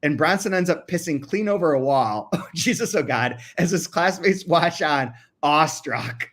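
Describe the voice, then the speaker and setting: A man's voice: a little high, expressive, moderate pace, fairly bright tone. A man co-hosting a podcast in casual chat, reading quotes aloud and often laughing mid-sentence. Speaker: podcast co-host.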